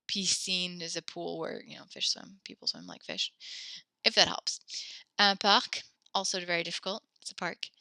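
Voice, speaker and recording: A woman's voice: on the low side, creaky, sharp tone, clear, resonant tone, no echo. A woman teaching a French vocabulary lesson in a chatty, digressive way, with many fillers and self-corrections. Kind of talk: recorded classroom lesson.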